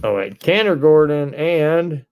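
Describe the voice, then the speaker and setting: A man, hosting a live card break stream, reading off names and breaking into excited shouts. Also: on the high side, measured pace, clean tone.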